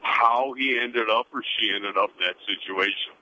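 A man from Chicago calling into a radio show, talking in a warm, rambling way with many hesitations over a phone line. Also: fairly low pitch, normal speed, slight background noise. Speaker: caller. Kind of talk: phone-in call.

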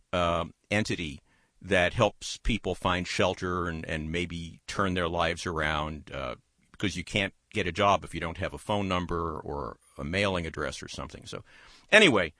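A man's voice: low voice, pushed and bright, no room sound. A man hosting a call-in talk radio show, chatting in a loose, digressive way into a studio microphone.

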